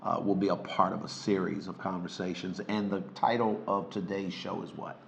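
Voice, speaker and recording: A middle-aged man with a lowish voice hosts a casual talk show alongside his wife, teasing and animated as he talks. He speaks as a relationship coach, loose and conversational. Faint noise hums under the recording. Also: normal speed, creaky, dull audio. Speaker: relationship coach and podcast co-host.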